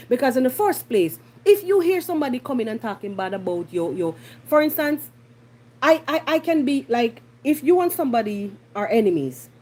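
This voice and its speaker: A Jamaican woman hosting a podcast, giving blunt, animated commentary and slipping into patois. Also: fairly high pitch, breathy edge. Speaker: podcast host. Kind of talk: casual commentary monologue.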